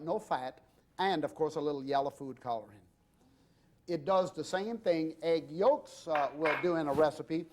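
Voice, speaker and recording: A middle-aged man with a drawl hosts a cooking demonstration, his voice sitting notably high for a man. He banters cheerfully with guests and crew, rambling loosely between steps of the recipe. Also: expressive, normal speed, slight background noise. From Louisiana. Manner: jovial and chatty, jokes with guests and crew, warm banter; loose unscripted delivery with many fillers. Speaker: TV cooking show host and chef.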